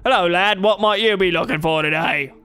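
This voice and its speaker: A man's voice: high voice, brisk, sharp tone, clear, resonant tone, pitched above the performer's own voice. A man voicing a stout, bearded fist-fighting trainer who talks in a folksy, old-fashioned way. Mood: friendly. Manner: folksy, says "lad" and "me" for "my". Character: stout bearded brawler trainer, gruff and hearty.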